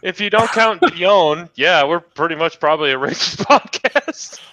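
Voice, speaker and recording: A man hosting a casual podcast, joking and excitable, swearing freely. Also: fairly high pitch, moderate pace, no echo. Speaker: podcast host.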